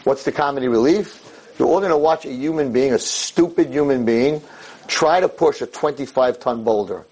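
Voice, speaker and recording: A man's voice: mid-range voice, moderate pace, darkish tone, breathy edge, close to an everyday voice, poor audio. A man voicing the devil as a mean male angel who sneers and confides in a storytelling sermon. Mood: confiding.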